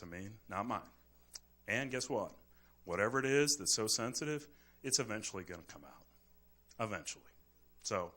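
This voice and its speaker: A middle-aged man, a physician, giving a lively live lecture with a demonstration and acting out little scenes as jokes. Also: fairly low pitch. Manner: animated, jokey, acts out little scenes. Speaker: physician teaching at grand rounds. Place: hospital lecture hall. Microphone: moves on and off the microphone.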